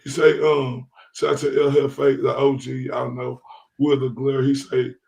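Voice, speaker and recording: A laid-back man hosting a livestream, his voice gravelly and full of fry. He reads shout-outs from viewers in an easy, unhurried way. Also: medium pitch, flat delivery. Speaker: livestream host. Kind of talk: casual livestream chat.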